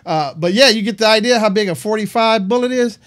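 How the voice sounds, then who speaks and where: A man's voice: high voice, a little fast. A comedian hosting his own show, riffing on a news story in a loose, rambling way. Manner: animated, rambling with fillers. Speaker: comedian host.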